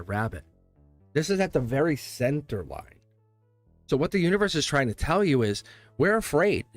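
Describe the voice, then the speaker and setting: A man doing a live tarot reading, talking in an excitable, rambling way and laughing often between thoughts. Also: mid-range voice, no room sound. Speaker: tarot reader.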